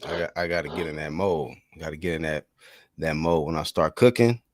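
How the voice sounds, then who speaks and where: A man hosting a boxing talk show, chatting casually and profanely and often laughing loudly. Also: a bass voice, a little fast. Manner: laid-back, swears freely, loud bursts of laughter. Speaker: boxing podcast host.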